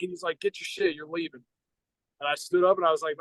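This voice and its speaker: A man's voice: a little high, fast talker, gravelly, fairly bright tone, no room sound, rough recording. A middle-aged American man, a podcast co-host, telling a long personal story in a blunt, profane, rambling way with many restarts. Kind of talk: casual storytelling.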